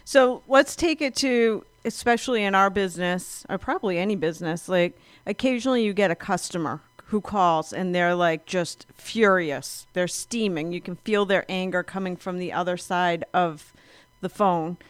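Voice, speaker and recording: A woman's voice: on the low side, normal speed, smooth, no echo. Woman host, dry close voice. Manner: encouraging, brief affirmations. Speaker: radio show host. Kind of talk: interviewing a guest.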